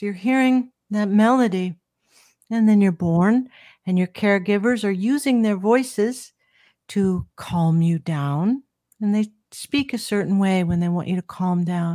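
An older woman speaks as an interview guest and lays out her ideas in a measured, teacherly way. Her voice sits at a middling pitch. The sound is close and dry, with no room echo. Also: a little mellow. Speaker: guest, professor of psychoacoustics. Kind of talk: explanatory interview talk.

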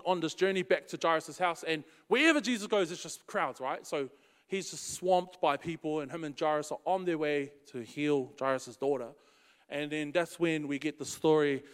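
A man's voice: a little high, clear, resonant tone, big-room sound. A man preaching in a casual, slangy storytelling way. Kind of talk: storytelling sermon.

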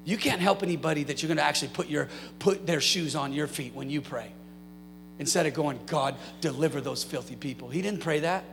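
A man's voice: fairly high pitch, brisk, vocal fry. A man preaching a sermon to a congregation, with rhetorical questions and passionate prayer. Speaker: pastor. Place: church sanctuary. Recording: hall reverb, faint mains hum.

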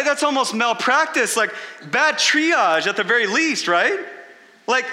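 A male pastor preaching a sermon in a lively, conversational way, dropping his voice low to stress key points. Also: in a large hall.

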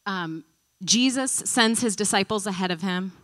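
Woman Bible teacher, lively storyteller who acts out scenes, casual and conversational. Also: medium pitch, moderate pace. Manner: animated storyteller, acting out quotes; conversational, thinking aloud.

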